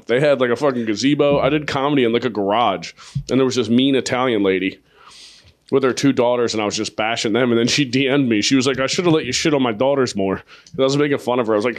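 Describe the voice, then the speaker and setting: A man hosting a podcast, a comedian chatting crudely, with lots of profanity and jokes. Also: medium pitch. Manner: profane, joking, storytelling. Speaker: podcast host. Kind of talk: crude casual chat.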